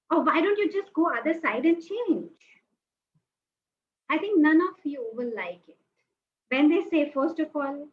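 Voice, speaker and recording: Animated woman giving a webinar talk. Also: sits high. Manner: animated, acts out quoted reactions, asks the audience. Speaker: webinar speaker. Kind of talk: lively motivational talk with acted asides. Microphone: webinar call mic. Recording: slightly dull audio with faint noise.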